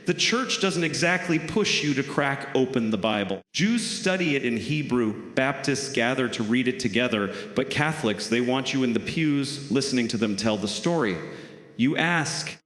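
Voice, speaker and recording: A man's voice: medium pitch, animated, moderate pace, fairly bright tone. A man performing stand-up comedy in a wry, conversational storytelling manner, recorded on a theater stage with roomy hall reverb.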